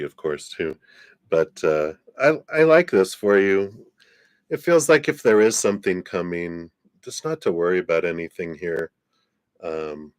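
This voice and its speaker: A man with a low voice reads tarot cards on a live stream, easygoing and chatty. He laughs often and trails off mid-thought. The sound is dry and close to the mic. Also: dry recording. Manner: laid-back, laughs often, trails off and restarts. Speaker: tarot reader.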